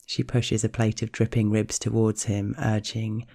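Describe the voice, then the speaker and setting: A man narrating a scripted story in a slow, hushed, measured way. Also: lowish voice, monotone, vocal fry.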